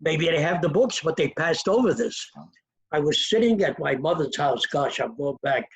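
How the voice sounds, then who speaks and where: A man's voice: fairly high pitch, moderate pace, husky, no room sound, highs cut off. An older man, a magician being interviewed, telling stories from his past and acting out the people in them. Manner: animated, acts out quoted voices. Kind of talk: anecdotal storytelling.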